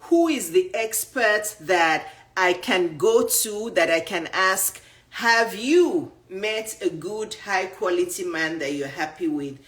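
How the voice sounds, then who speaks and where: A woman in her fifties with a Nigerian accent, giving a casual motivational talk to viewers, animated and full of rhetorical questions. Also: on the low side, slow. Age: 50s. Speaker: dating and image coach. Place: live stream.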